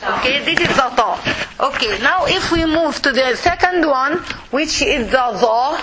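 A woman with as her leads a pronunciation lesson and drills each syllable patiently. Her voice sits high and she speaks slowly. A faint noise runs under the recording. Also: animated. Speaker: Arabic teacher. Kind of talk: language lesson for women.

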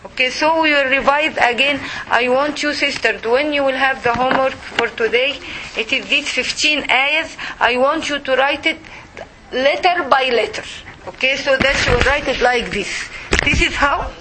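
A woman teaching a Quran recitation class, slow and patient, repeating words for her students to echo. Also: high voice, noisy background.

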